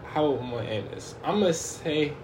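A man's voice: on the high side, animated, a little fast, a little mellow, echoey room, slight background noise. A man preaching an informal online sermon, fervent and direct, often repeating and restarting his words.

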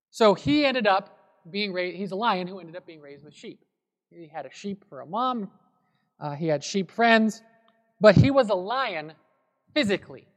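High-voiced pastor in a reverberant hall. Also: male voice. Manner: relaxed, conversational storytelling. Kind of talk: sermon.

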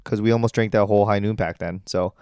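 A man's voice: lowish voice, steady tone, fast talker, a little mellow, smooth, dry recording, clean studio sound. A young man co-hosting a podcast at home, talking in a chatty, casual way and laughing easily. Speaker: podcast co-host. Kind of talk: casual chat.

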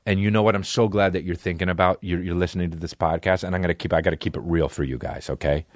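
A man's voice: deep voice, steady tone, quick pace, no echo, studio quality. A man hosting a comedy podcast, riffing in a profane, rambling rant and restarting mid-thought. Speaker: podcast host.

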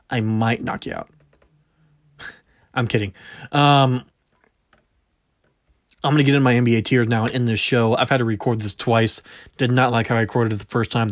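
Male solo sports podcast host, mid pitch, dry sound, blunt and rambling. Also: no room sound. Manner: rambling, goes off on tangents and catches himself; blunt, opinionated. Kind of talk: casual solo sports talk.

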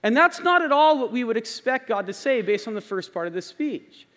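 A pastor preaching a sermon in a church, earnest and repeating key phrases for emphasis. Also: male voice, very high-pitched, big pitch swings, brisk, a bit bright. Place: church sanctuary. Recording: long hall reverb.

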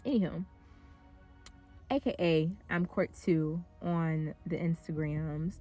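A woman in her twenties hosting a casual solo podcast, rambling along in a laid-back, giggly way while high, recorded on a built-in device mic instead of her proper one. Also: takes it slowly, warm tone, soft background music. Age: 20s. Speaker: podcast host.

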